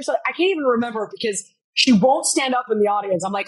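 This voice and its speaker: A woman's voice: a little high, fast talker, breathy edge. A middle-aged woman telling stories as a guest in a casual interview, acting out quotes and swearing freely. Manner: animated storyteller, acts out quotes, swears freely, laughs often. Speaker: guest, fitness personality.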